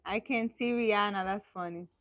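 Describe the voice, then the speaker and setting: A woman's voice: medium pitch, normal speed, a bit bright, no room sound. A woman hosting a casual livestream, chatting with viewers in a playful, teasing way. She speaks emphatically and laughs often. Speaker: livestream host answering viewers.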